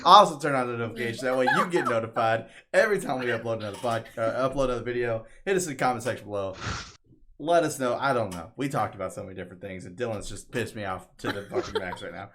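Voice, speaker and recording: A man hosting a podcast, talking fast and swearing a lot while teasing his co-hosts. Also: medium pitch, fairly bright tone, a little hiss or hum. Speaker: podcast host. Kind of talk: casual chat.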